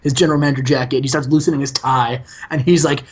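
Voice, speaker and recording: Man excitedly recapping a wrestling game. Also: mid-range voice, fast talker, slightly rough. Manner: excited storytelling with laughs. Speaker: host. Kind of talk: casual play-by-play of a wrestling sim game.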